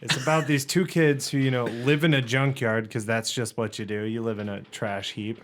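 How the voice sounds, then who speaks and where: A young man on a podcast, telling stories casually in an animated way, and high while he talks. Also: normal speed, a little hiss or hum. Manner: animated storytelling, laughing. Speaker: podcast co-host. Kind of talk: casual chat.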